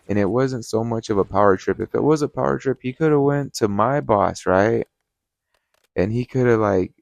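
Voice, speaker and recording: A man's voice: lowish voice, vocal fry, no room sound. A young man telling a workplace story to camera in a casual vlog, profane and fired up, talking straight to his viewers. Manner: profane, heated, animated storytelling, addresses viewers as guys. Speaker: restaurant manager.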